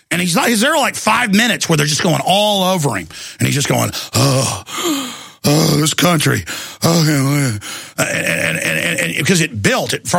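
A middle-aged man hosting a talk show, telling a heated story in a fast-shifting rant and acting out other people's voices. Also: fairly high pitch, gravelly, pushed and bright, husky, dry recording, clean studio sound. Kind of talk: ranting monologue.

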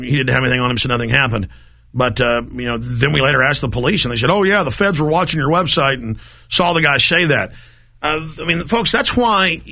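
A man's voice: a little high, vocal fry, pushed and bright. A man hosting a talk radio show, telling a rambling story in an emphatic monologue.

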